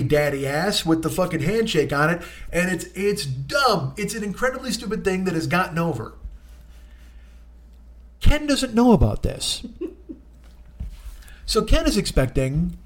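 Rambling, profane man telling a story. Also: sits high. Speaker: podcast host. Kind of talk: casual comedic storytelling.

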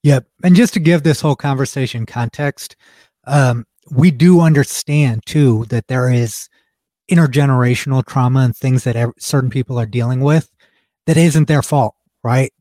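A man's voice: mid-range voice, dark tone, no echo, studio quality. A man co-hosting a podcast in casual chat, speaking bluntly and emphatically and swearing freely. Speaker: podcast co-host.

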